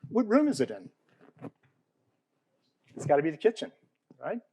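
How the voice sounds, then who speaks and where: Guy explaining a poem to a crowd, mellow voice, keeps saying okay? all right?, animated. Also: on the high side, moderate pace, breathy edge, dry recording, low-quality recording. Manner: asks the audience questions. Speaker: panel speaker on poetry. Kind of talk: explanatory lecture to an audience.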